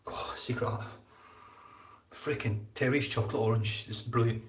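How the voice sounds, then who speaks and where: A man's voice: medium pitch, steady tone, normal speed, far from the mic, slight background noise. A man hosting a casual live-stream shaving chat, rambling and repeating his words as he talks. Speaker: shaving channel host. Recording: echoey room.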